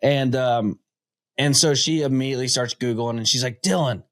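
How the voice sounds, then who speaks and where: A man's voice: mid-range voice, steady tone, normal speed. Chatty man telling rambling stories. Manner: rambling storyteller, chatty with fillers. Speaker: podcast host. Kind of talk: casual interview chat.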